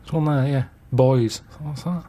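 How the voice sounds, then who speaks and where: Man, casual podcast chat, deadpan storyteller, ordinary mid voice. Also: medium pitch, unhurried. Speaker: podcast regular.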